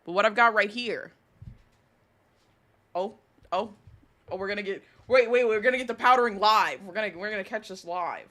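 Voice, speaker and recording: A woman's voice: mid-range voice, moderate pace, long pauses, sharp tone. A woman streamer, chatting to her audience and ranting with outrage and laughter. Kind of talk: casual live-stream chat.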